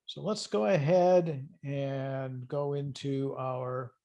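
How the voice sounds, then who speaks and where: A man's voice: mid-range voice, fairly even intonation, slow pace, vocal fry, mellow, muffled recording. A middle-aged man giving an online accounting lecture, explaining step by step in a conversational way and asking students questions. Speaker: accounting instructor.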